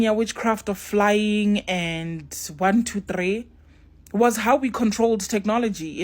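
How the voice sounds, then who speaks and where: A young woman tells a spiritual story casually to her viewers and acts out the dialogue. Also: medium pitch. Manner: acts out dialogue in shifting voices, talks straight to viewers.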